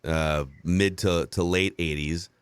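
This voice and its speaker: Man, 30s, podcast host, thoughtful hedging, low voice, dry close sound. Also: fairly even intonation, slow pace, smooth, no echo. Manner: thoughtful, hedging with many restarts. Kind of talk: casual sports talk.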